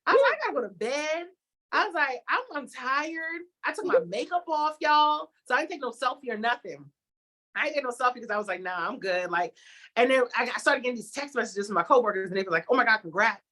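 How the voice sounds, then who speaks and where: A young adult woman, a TV host, chatting as an interview guest and telling a story with lively acted-out reactions. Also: on the high side, fast. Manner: animated storytelling, acts out her own reactions. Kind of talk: casual interview chat.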